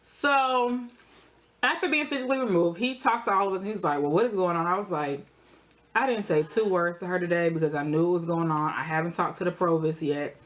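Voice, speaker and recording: A young adult woman, telling a story in a casual, animated way while eating, her voice jumping high for emphasis. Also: brisk. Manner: animated, expressive storytelling with sudden high jumps in pitch. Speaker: vlogger.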